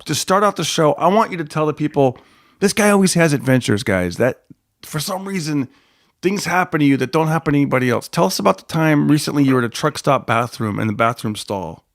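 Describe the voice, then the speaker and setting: A man's voice: fairly high pitch, lively intonation, fairly quick, vocal fry, no echo, clean studio sound. A man hosting a podcast, chatting casually, laughing often and asking eager questions. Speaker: podcast host. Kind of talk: casual interview chat.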